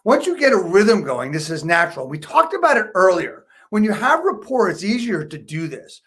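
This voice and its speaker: A man leading a live online lesson as a sales trainer. He is chatty and upbeat, keeps checking in with "right?", and adds quick apologetic asides when he slips up. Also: sits high, very animated, fairly bright tone, husky. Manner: self-correcting, apologetic asides.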